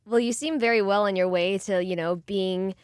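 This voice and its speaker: A woman's voice: mid-range voice, clean tone, dry recording, studio quality. Upbeat, encouraging female co-host. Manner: upbeat, encouraging, quick to agree. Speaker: podcast co-host. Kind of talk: casual interview chat.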